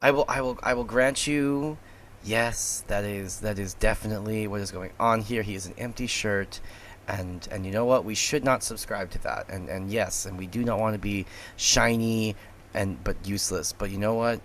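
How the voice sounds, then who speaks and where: A man co-hosting a casual book podcast, animated and jokey, often repeating words. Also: fairly low pitch, moderate pace, slight background noise. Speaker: podcast co-host.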